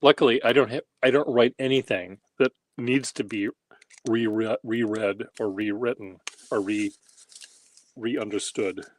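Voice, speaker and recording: A man's voice: lowish voice, steady tone, measured pace, slight background noise. A man hosting a handwriting workshop, rambling casually in a wry, self-deprecating way while he demonstrates. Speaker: pen workshop host.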